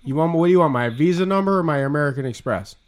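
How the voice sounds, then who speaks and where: A man's voice: on the high side, animated, rapid-fire. A male podcast host bantering crudely and sarcastically, teasing a caller in a mock-serious tone.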